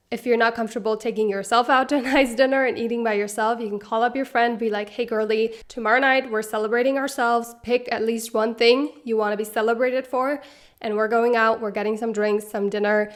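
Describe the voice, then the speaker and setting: A young woman in her twenties giving casual self-help advice to camera, chatty and upbeat, laughing often. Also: on the high side. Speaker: self-help video creator.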